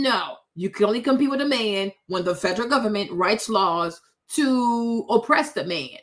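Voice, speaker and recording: A woman's voice: mid-range voice, expressive, moderate pace, hardly any pauses, a bit bright. A woman hosting opinionated commentary, blunt and sassy, talking straight to her viewers. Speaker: commentary host.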